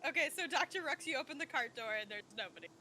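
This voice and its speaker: A woman's voice: sits high, expressive, very fast, sharp tone, slight background noise. A woman running a tabletop game as game master, asking players for rolls and laughing often.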